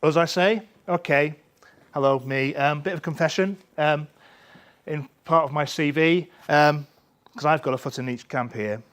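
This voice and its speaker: A man's voice: a little high, normal speed, fairly bright tone. Rambling self-mocking man giving a talk. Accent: Northern English. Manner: rambling, self-deprecating, many fillers. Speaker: conference speaker. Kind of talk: lightning talk.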